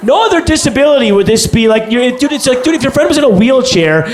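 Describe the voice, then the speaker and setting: A man's voice: very high-pitched, big pitch swings, quick pace. A young man doing a rambling, profane, self-deprecating stand-up set on a comedy stage. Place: comedy stage before a live audience. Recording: live club recording with loud crowd noise.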